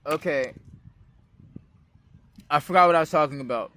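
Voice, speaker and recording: Man from West Oakland, rambling profane vlog monologue outdoors, slightly high voice. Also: moderate pace, pushed and bright, slight background noise. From West Oakland, California. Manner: loose, profane street slang, meandering. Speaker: vlogger.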